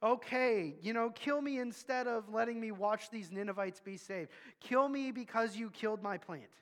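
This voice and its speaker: A man voicing a resentful, exasperated male prophet who complains loudly. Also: sits high, normal speed, natural voice. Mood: indignant. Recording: long hall reverb.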